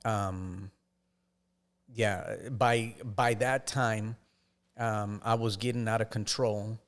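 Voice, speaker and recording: A man, a podcast guest, telling his life story in a casual, halting way with frequent restarts. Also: fairly low pitch, steady tone.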